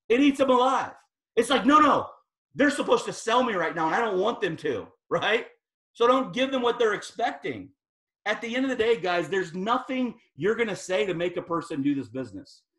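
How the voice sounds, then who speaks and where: High-voiced fired-up man giving a pep talk. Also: a bit bright. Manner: emphatic and fired up, casual slangy delivery. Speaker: guest speaker at a sales team training. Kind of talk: motivational team training talk.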